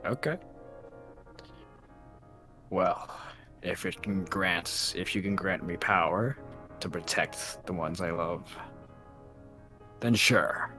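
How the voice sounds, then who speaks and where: A young man playing a tabletop game, goofy and animated, often laughing. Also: deep voice, takes it slowly, pauses often, soft background music. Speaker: player. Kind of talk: in-character tabletop play.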